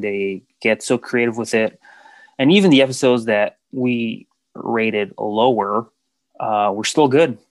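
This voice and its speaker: A man co-hosting a casual podcast, talking in a relaxed, enthusiastic way with many fillers. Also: fairly low pitch, no room sound. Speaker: podcast co-host.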